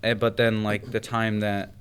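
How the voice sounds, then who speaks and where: A man's voice: lowish voice, little pitch movement, normal speed, a bit bright, smooth. A man who fights MMA, telling fight stories in casual, profane podcast chat. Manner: profane, laid-back storytelling.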